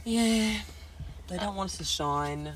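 A seventeen-year-old girl co-hosting a casual podcast, reacting with quick, swearing comebacks. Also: mid-range voice, crowd noise. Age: teens. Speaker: podcast co-host. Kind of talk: casual chat.

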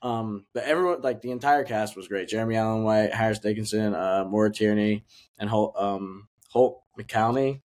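A man's voice: lowish voice, fairly even intonation, a little fast, a little mellow. Rambling young man reviewing movies. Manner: rambling, many "like" fillers and restarts. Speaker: podcast co-host. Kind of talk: casual movie review chat.

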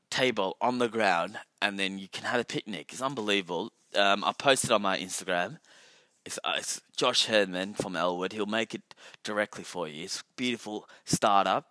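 A man's voice: fairly low pitch, moderate pace, bright, forceful tone, no room sound, clean studio sound. A young man hosting a casual solo podcast, rambling and self-mocking, swearing often. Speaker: podcast host.

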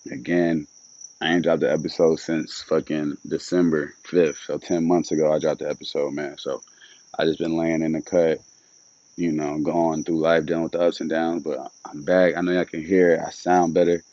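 A man's voice: rumbling low, flat delivery, normal speed, mellow, highs cut off. A young man hosting a solo podcast, rambling casually with loads of slang and swearing. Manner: loose, rambling and upbeat, with lots of slang and swearing.

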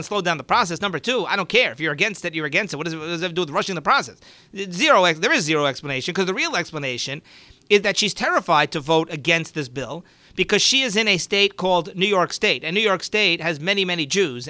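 A male political commentator talks in a high, bright voice, rattling through his points at speed with sarcastic emphasis and many restarts. The sound is dry and close. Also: dry recording.

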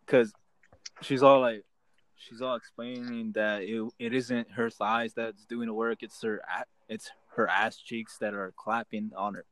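A man's voice: on the low side, level tone, a little slow, a bit bright, no echo, low-quality recording. A young man co-hosting a casual podcast, telling a long story with lots of swearing and restarts. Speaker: podcast co-host. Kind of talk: casual chat.

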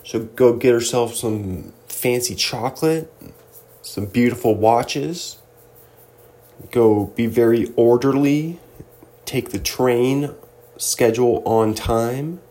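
A man's voice: mid-range voice, slow, darkish tone. A man from Southern California hosting a casual video, talking in a playful, jokey, laid-back way. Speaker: host.

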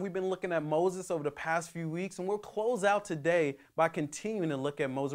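Male pastor, conversational sermon delivery, somewhat high voice, halting restarts. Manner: conversational, with many restarts and fillers.

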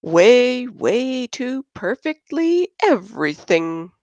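A woman's voice: lowish voice, animated, measured pace, no room sound. A woman reading aloud and voicing Josh, a jovial male pilot who teases with sarcasm. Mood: teasing.

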